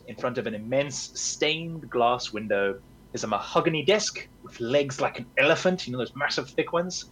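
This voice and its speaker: A man's voice: mid-range voice, a bit bright, slightly rough, rough recording. A man narrating as game master, describing scenes in a casual, rambling way.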